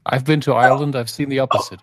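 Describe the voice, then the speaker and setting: A man's voice: mid-range voice, steady tone, racing. A man from Germany, chatting casually as a podcast guest with dry, teasing humor. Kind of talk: casual chat.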